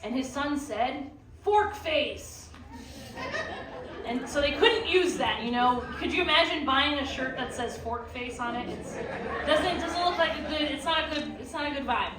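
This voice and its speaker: Here a young female art teacher, playful and talkative with frequent fillers, guides a live drawing class in a theme park art room full of onlookers. Her high voice moves at normal speed while a crowd murmurs behind her. The recording is distant and echoey.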